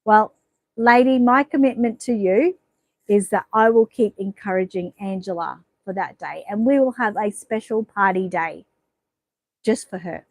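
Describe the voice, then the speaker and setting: On a low-quality recording without echo, a woman with a medium-pitched, unhurried voice chats on her livestream. She's a middle-aged Australian host who reads comments, rambles, and teasingly bosses her viewers about.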